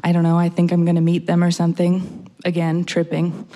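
A woman's voice: on the low side, monotone, fairly quick, mellow. A young adult woman, a musician guest, chatting casually in an interview, often laughing and poking fun at herself. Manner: laughing, storytelling, self-mocking.

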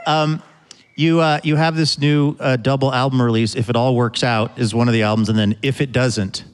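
A man hosting a casual music interview, relaxed and lightly joking. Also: medium pitch, normal speed, smooth. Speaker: host.

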